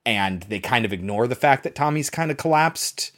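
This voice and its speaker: Enthusiastic male podcast co-host, casual film chat, mid pitch, profane. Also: animated, normal speed, fairly bright tone. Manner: enthusiastic, profane, acts out quotes.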